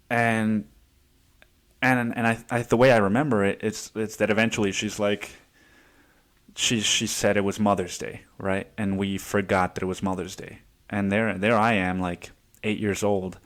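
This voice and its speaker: A young man hosting a solo podcast, telling stories in a rambling, profane way with many restarts. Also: fairly low pitch. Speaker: podcast host. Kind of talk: casual solo monologue.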